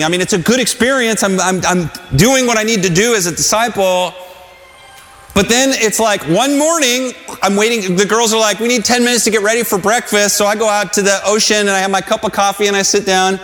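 A man preaching a sermon in an earnest, halting way, with restarts and calls that rise to shouts. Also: sits high. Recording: long hall reverb.

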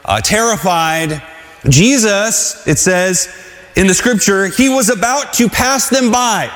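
A man preaching a sermon in an earnest, halting way, with restarts and calls that rise to shouts. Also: fairly high pitch. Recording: long hall reverb.

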